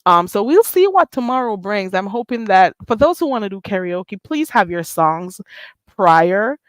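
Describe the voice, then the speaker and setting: A blunt, sassy woman with a Caribbean accent, chatting live to her viewers on her own channel. Her middle-pitched voice sits close to the mic in a dry, dead room, and she fires off rhetorical questions at her audience. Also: very animated, moderate pace, dry recording. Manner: blunt, sassy, rhetorical, reads chat names aloud. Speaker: channel host. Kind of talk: casual livestream chat.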